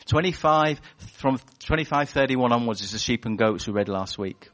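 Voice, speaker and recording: Man preaching an animated sermon. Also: medium pitch, moderate pace. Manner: animated, storytelling with acted-out voices.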